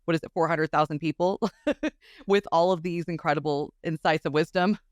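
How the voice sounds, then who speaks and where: A woman's voice: deep voice, no echo. Effusive woman podcast host, dry sound. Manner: effusive and enthusiastic, quick to agree. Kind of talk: podcast interview chat.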